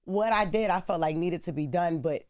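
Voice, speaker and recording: A frank, casual woman co-host talks in a radio studio and swears freely. Her voice sits low, and the sound is dry and close on a studio microphone. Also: moderate pace, a little mellow, no room sound. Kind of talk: candid radio talk.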